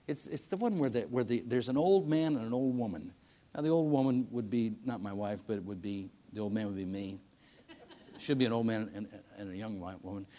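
A man preaching a sermon in a church service, telling stories in a folksy way, swinging between loud emphasis and hushed lines. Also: medium pitch. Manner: folksy storytelling with repetitions and restarts.

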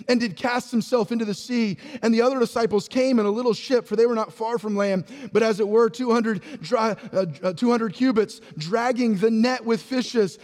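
High-voiced pastor preaching in a reverberant hall. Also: male voice. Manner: reads scripture aloud, alternating with rhetorical questions to the congregation; swings between raised declarations and hushed asides. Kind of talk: sermon. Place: church sanctuary. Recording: long reverb of a large hall.

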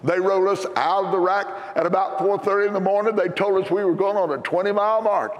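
An older American man preaching a sermon in a church, telling a story with animated, emphatic punchlines. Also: sits high, quick pace, big-room sound. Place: church sanctuary.

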